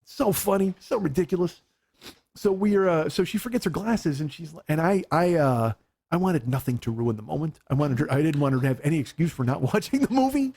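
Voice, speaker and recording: Fast-talking, animated male comedy podcast host. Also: a little high, creaky, breathy edge. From Chicago. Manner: animated storytelling, acts out voices, swears freely, laughs often. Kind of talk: casual comedic chat.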